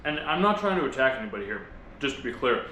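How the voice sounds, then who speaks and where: A man's voice: medium pitch, sing-song, quick pace, pushed and bright, reverberant, a little hiss or hum, rough recording. A man vlogging a casual motivational monologue, earnest and reflective, talking with his mouth full while he eats. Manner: earnest, reflective, rambling with restarts.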